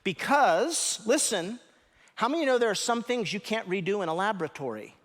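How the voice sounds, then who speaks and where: A man preaching a sermon as pastor, emphatic and animated, stressing words sharply and teaching his congregation. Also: high-pitched, normal speed, long reverb tail. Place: church sanctuary.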